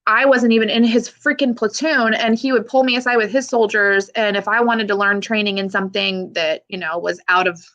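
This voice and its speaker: On a muffled recording, a thirty-something army veteran from the Pacific Northwest speaks a little fast, with hardly any pauses, in a steady, medium-pitched, somewhat bright voice. She's a podcast interview guest, open and emotional, who curses casually and laughs a lot.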